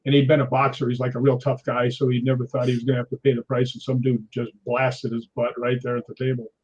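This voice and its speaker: Brief: man, 60s, stuntman guest, husky raised voice, animated storyteller, dull lo-fi recording. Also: mid-range voice, fast talker. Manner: lively, laughs often, acts out others' lines. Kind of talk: anecdotal storytelling.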